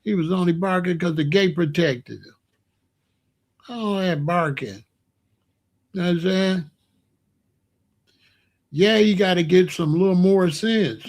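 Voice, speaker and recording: Speaking a little slowly with long pauses, an online commentator with a notably high-pitched voice rants directly at his audience. His loose, casual take is animated and mocking, punctuated by laughter and a catchphrase he keeps coming back to.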